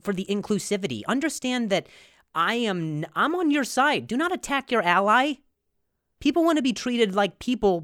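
A man's voice: high-pitched, fairly bright tone, clean tone, dry recording. Sarcastic ranting young man, dry sound. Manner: rambling, profane, sarcastic ranting. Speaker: podcast host. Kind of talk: comedic podcast monologue.

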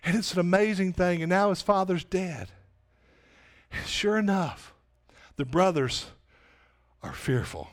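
Man, pastor, sermon, high voice, slow deliberate pace, emphatic. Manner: emphatic preaching that swells on repeated questions.

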